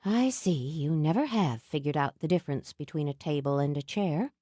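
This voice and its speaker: Narrator reads a guarded heroine, clipped and defensive, low voice, dry sound. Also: female voice, animated, normal speed, mellow, no echo. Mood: wry. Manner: clipped, defensive, tight-lipped. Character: proud, guarded young woman, a witch.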